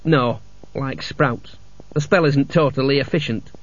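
A man's voice: on the high side, animated, normal speed, fairly bright tone, dry recording. A man doing a vague, rambling male wizard. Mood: mild, rambling. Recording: dull lo-fi audiobook recording.

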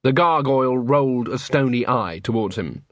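Man reading an audiobook, husky, mid pitch, dry close sound. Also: animated, moderate pace, dry recording, dull audio. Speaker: audiobook narrator. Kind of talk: scripted narration.

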